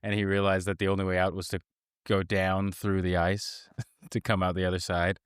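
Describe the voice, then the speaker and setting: A man's voice: deep voice, flat delivery, moderate pace, clean tone, dry recording, clean studio sound. A man in his thirties co-hosting a book podcast, rambling and restarting his sentences in casual chat. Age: 30s. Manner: rambling, self-interrupting. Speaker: podcast co-host.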